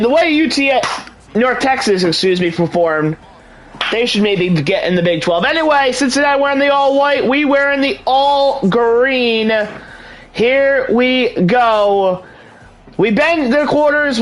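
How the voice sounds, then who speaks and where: A young man with a strikingly high voice narrates his football video game run. He calls each play with the energy of a sportscaster and keeps hyping up the action for his viewers. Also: fairly bright tone, a little hiss or hum, low-quality recording. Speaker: video game channel host. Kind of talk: hyped gameplay commentary.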